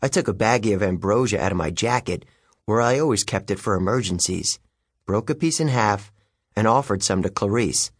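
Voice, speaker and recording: A man's voice: lowish voice, a little fast, no echo, studio quality. A man narrating a children's audiobook in the first person, with a wry storytelling manner. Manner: lively, wry storytelling with youthful character voices.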